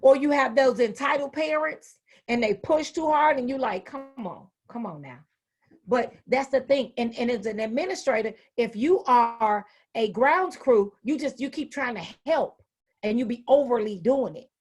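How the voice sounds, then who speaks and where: A woman in her fifties, a retired school administrator, giving an animated, folksy talk to educators. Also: on the high side, normal speed, husky. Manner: animated, folksy, acts out quoted voices. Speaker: educational speaker. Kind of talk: motivational talk.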